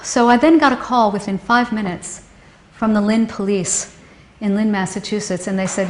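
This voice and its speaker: A woman telling a painful personal story, halting and emotional, often restarting her sentences. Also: mid-range voice, slight background noise. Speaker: storyteller recounting a personal loss. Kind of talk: personal testimony. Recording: roomy echo.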